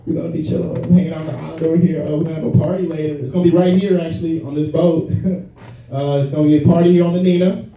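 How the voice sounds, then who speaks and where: A man's voice: on the high side, steady tone, rapid-fire, gravelly. A male stand-up comedian working a small crowd, loose and laughing, slipping into mock voices. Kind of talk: stand-up set with crowd work. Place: small comedy venue with audience. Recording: far-off echoey room, dull lo-fi sound.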